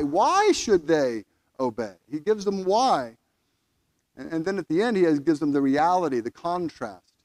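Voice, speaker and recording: A man's voice: high voice, no echo. A man preaching a sermon in a conversational way, stumbling over restarts and rising emphatically when he quotes scripture. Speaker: pastor.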